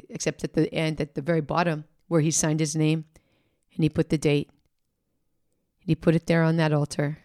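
A woman's voice: low-pitched, darkish tone. A woman hosting a devotional podcast, telling a story in a conversational way with fillers and restarts, and acting out the people she quotes.

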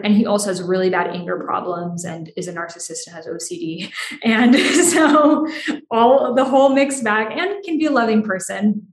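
Frank young woman in an echoey room. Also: mid-range voice. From United States. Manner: frank, animated, frequent "like" fillers. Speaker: podcast guest. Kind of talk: candid personal storytelling. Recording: roomy echo.

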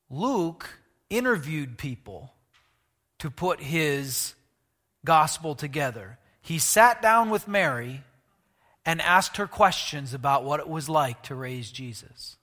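A man preaching a sermon, animated, asking the congregation questions and moving between loud and hushed delivery. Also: fairly high pitch, big-room sound. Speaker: pastor.

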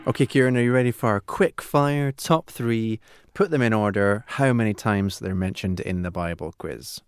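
Low-voiced male co-host, dry sound. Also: normal speed, smooth, no echo. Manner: friendly, laughs along, prompting. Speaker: podcast co-host. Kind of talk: casual podcast chat.

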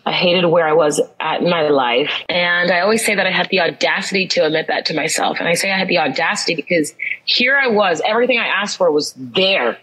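A woman speaks a little lower than most, with a husky, breathy edge to her voice. She tells a personal story in an interview, earnest, and leans into emphatic repetition. It sounds like a conversational podcast. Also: fairly bright tone, low-quality recording. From United States. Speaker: guest.

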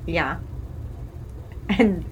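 A woman's voice: lowish voice, extremely slow, crowd noise, low-quality recording. A woman from Illinois co-hosting a podcast, chatty and teasing in casual conversation. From Alton, Illinois. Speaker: podcast co-host. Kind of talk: casual chat.

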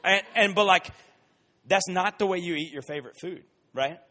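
A man preaches in a casual, chatty way, using everyday examples. His voice sits a little high, and he slows down to repeat his key points with emphasis. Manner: conversational, animated, drops to slow emphatic repetition. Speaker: Bible teacher. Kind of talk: casual sermon.

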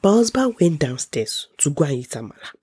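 Stuffed up with a cold, a young Nigerian vlogger animatedly recounts a dramatic personal story, raising her voice to play the people she quotes and laughing frequently. She talks briskly in a low, mellow, husky voice with big pitch swings, recorded dry and clean in a studio.

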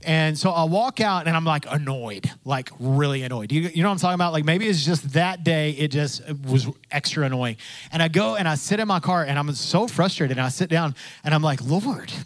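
A man's voice: on the high side, a little fast, dry recording. A man preaching a sermon in a conversational way, repeating phrases and acting out the voices he quotes. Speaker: pastor.

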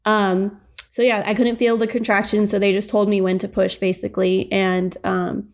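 A woman's voice: mid-range voice, level tone, moderate pace. A young woman casually telling a personal story as a podcast guest, chatty, with lots of fillers and frequent laughs.

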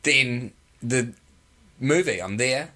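A young man, hosting a podcast and telling rambling, animated stories full of swearing. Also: medium pitch, slow, slight background noise. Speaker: podcast host. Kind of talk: casual chat.

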